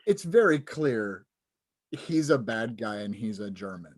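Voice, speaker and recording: A man's voice: lowish voice, expressive, a little slow. A man hosting a casual podcast over a video call, wry and prone to interrupting himself.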